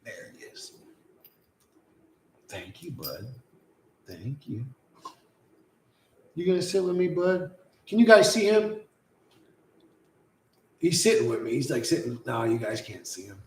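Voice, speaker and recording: A man's voice: medium pitch, big pitch swings, slow, long pauses, slight background noise. Profane, rambling man in an echoey room. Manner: loose and profane, cooing baby talk to his pet. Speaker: streamer. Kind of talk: casual live-stream chat.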